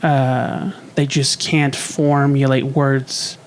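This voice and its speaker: A man with a medium-pitched voice co-hosting a podcast, with faint noise behind. He speaks haltingly, breaking his sentences into short, unsure pieces. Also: level tone. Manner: hesitant, apologetic, halting phrasing. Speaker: podcast co-host. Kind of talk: casual podcast discussion.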